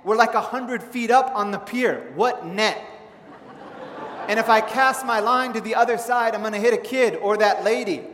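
Preacher doing gruff old pier fisherman, barking and cranky, raised pitch, roomy hall reverb. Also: moderate pace, fairly bright tone. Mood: annoyed. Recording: echoey hall, faint ambience.

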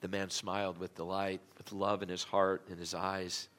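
A man's voice: low-pitched, level tone, normal speed. A male pastor preaching a sermon, telling a story dramatically in a church auditorium. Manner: dramatic storytelling, gets loud at the tense parts.

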